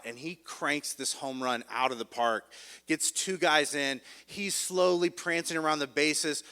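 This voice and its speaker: Guy preaching, tells a goofy story on himself, bright forceful voice, long echo from a big hall. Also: a little high. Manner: storytelling, self-mocking, animated. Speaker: pastor. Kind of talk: sermon with a told story.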